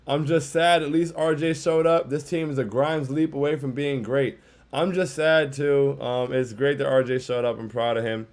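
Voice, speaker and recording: A man's voice: mid-range voice, fairly even intonation, moderate pace. A man hosting a casual postgame livestream, sounding dejected, saying "bro" a lot and reading chat comments aloud. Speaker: livestream host.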